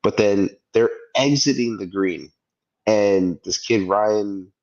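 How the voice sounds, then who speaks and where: Low-voiced man telling a golf story. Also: takes it slowly, dull audio. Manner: animated storyteller, acts out quoted voices. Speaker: podcast co-host. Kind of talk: casual chat, storytelling.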